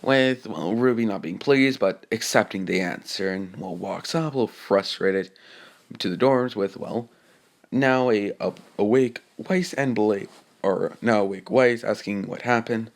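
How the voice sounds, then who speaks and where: Gravelly low-voiced man telling a rambling fan story. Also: a little slow. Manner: hesitant, rambling, many filler words and restarts; reads characters' lines in a mostly plain voice. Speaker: fan-fiction narrator. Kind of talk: improvised retelling of a fan story.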